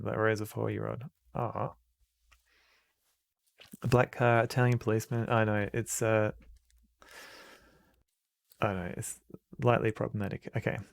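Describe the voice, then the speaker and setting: A man's voice: on the low side, vocal fry, no echo. An Australian man streaming an old adventure game, joking around and reading the game's text aloud into a desk mic. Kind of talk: casual let's-play commentary.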